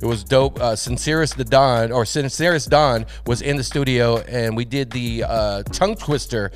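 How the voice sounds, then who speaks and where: A man's voice: medium pitch, moderate pace, faint music behind. A man co-hosting a morning live stream, bantering casually and reading news bits aloud with frequent laughs. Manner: animated, laughs often, reads news items aloud. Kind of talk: casual radio-style banter.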